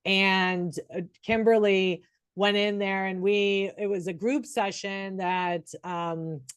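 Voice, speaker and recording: A woman's voice: mid-range voice, fairly even intonation, slow pace, clean tone, no echo, studio quality. A middle-aged woman, a nurse and podcast co-host, talking in an earnest, encouraging way with frequent restarts. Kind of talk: casual podcast chat.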